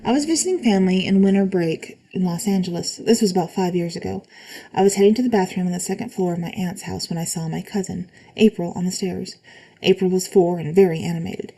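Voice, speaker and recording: A woman reading spooky stories aloud in a calm, even way, adding short comments of her own. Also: lowish voice, fast talker, low-quality recording. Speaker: reader of online stories.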